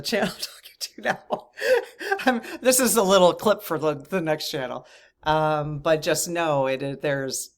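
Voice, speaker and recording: A woman hosting her own channel, chatting casually to viewers in a rambling way, with frequent restarts and laughter. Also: deep voice. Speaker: channel host. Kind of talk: casual chat to camera.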